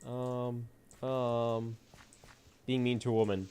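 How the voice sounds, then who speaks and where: A man's voice: mid-range voice, flat delivery, slow, a little mellow, slight background noise. A man streaming a game, chatting casually and teasing his viewers with frequent laughter. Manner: playful, teasing, often laughing. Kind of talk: casual gameplay chat.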